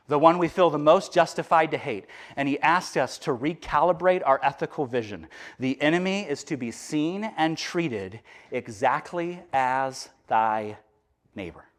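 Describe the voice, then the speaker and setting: Pastor guy with a high voice, chatty animated sermon, lots of likes and restarts. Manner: conversational, animated, many restarts and fillers.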